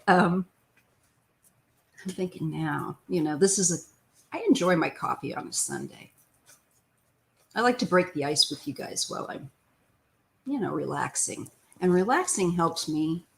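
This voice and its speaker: A woman's voice: lowish voice, expressive, measured pace, vocal fry, long pauses. A middle-aged woman hosting a casual live-stream tarot chat from home, greeting viewers by name in an easygoing way. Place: home, near the front door.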